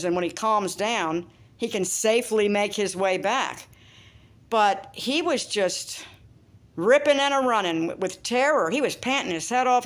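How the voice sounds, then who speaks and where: A woman telling a story in a casual vlog, chatty and animated, breaking into squeaky voices for other people. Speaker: vlogger. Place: outdoors after a walk.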